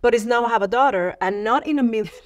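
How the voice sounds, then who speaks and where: A woman guest in a candid interview, telling animated stories with frequent restarts. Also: fairly high pitch. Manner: animated storytelling, many restarts, quick laughs. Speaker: celebrity guest.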